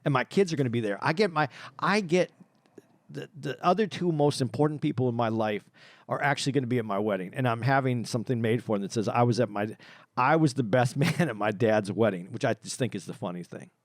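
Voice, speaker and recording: A man talks casually as co-host of a comedy podcast. He often stumbles and repeats words before his thought comes together. His voice is mid-pitched and sits dry and close to the mic. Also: no echo. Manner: halting, repeats words when starting a thought.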